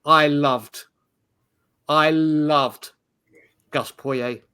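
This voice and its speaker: Bloke telling stories on a podcast, lively, keeps restarting, bit high-pitched. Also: male voice, extremely slow, clean tone. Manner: animated, storytelling, restarts often. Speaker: podcast panelist. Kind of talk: casual chat.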